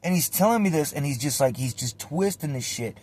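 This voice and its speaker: A man's voice: on the high side, brisk. A man telling a casual, profane story and acting out the voices of the people in it. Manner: profane, animated, acts out voices.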